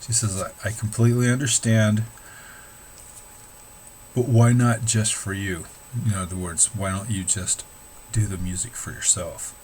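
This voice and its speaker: Middle-aged male hobby musician, casual vlog talk, low-ish pitch, frank and profane, restarts a lot. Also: flat delivery, measured pace, long pauses, a little mellow, slight background noise, poor audio. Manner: candid, swearing, rambling with restarts. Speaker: amateur musician.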